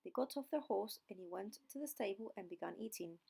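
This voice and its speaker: Woman reading a storybook out loud, slow and clear for learners, bit of fry. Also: mid-range voice, animated. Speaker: audiobook narrator.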